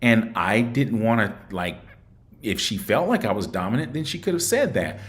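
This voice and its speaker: A man's voice: on the low side, very animated, moderate pace, fairly bright tone. A man hosting a call-in show, talking in a chatty, reflective way and often repeating words. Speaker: show host. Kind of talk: casual call-in show talk.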